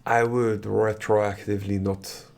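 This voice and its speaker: A man voicing a charming, courteous prince who drops in French words, speaking in his own low voice. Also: flat delivery, unhurried, gravelly, darkish tone, faint music behind. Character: gracious, charming young male prince.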